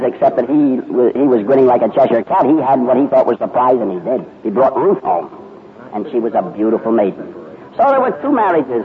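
A man preaching a sermon, telling a Bible story dramatically and acting out the characters' speech. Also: medium pitch. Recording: tinny phone-like radio broadcast with crowd noise.

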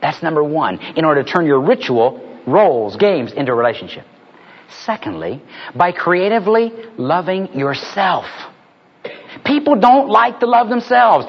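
High-voiced husky preacher, lo-fi sound. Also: male voice, moderate pace. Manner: animated storytelling, building to punchlines. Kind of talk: sermon with humorous stories. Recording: dull lo-fi recording.

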